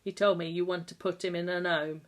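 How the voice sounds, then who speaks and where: A blunt old countryman with a gruff, steady manner and homely rustic phrasing, put on by a woman reading a storybook. The voice sits low, a touch louder and firmer than the narration around it. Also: brisk, close to an everyday voice. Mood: dry. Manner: blunt, plain-spoken, rustic turns of phrase.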